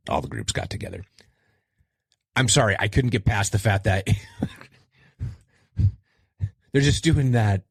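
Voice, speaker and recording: A middle-aged man rambles through a casual podcast chat, his low, husky voice leaping high whenever he wants to stress a point. The sound is close and dry, with almost no room around it. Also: no room sound. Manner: animated, self-deprecating, jumps in pitch for emphasis. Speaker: podcast host. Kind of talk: casual solo podcast talk.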